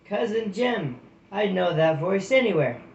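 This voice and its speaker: A gentle, mild-mannered old storybook abbot with a slightly raised voice, as a man reads him. The sound is roomy and somewhat dull. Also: fairly high pitch, measured pace, a little hiss or hum. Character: gentle older male hedgehog abbot.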